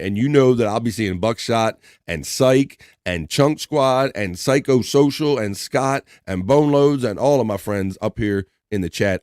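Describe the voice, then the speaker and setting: A man's voice: mid-range voice, a little mellow, clear, resonant tone, no room sound. A man in the middle of his range hosts a live stream, rambling easily and chuckling between thoughts. His voice sits close and dry, with no room around it. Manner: rambling and laid-back, lots of fillers and chuckles. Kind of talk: casual chat.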